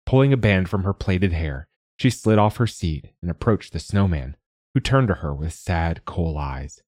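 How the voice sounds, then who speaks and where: Deep husky man reading a storybook. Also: lively intonation, moderate pace, darkish tone, dry recording, studio quality. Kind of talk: storybook narration.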